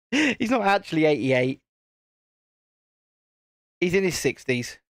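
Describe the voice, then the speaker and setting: A man's voice: high voice, big pitch swings, slow, gravelly, no echo, clean studio sound. A man hosting a live stream, chatting casually and rambling while he builds a set, with the odd casual swear. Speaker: channel host.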